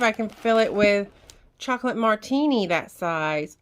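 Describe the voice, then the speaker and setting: Excitable woman unboxing at home. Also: medium pitch, a little slow. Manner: excitable, gushing, talks to viewers. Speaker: craft vlogger. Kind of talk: casual unboxing chat. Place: home room with recliner. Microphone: camera on a tripod.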